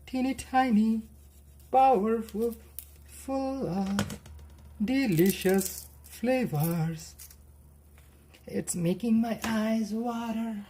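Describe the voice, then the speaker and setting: A woman's voice: fairly high pitch, extremely slow, long pauses, dark tone. Playful sing-song woman cooking host. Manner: playful, sing-song, chants silly phrases. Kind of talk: chatty cooking livestream.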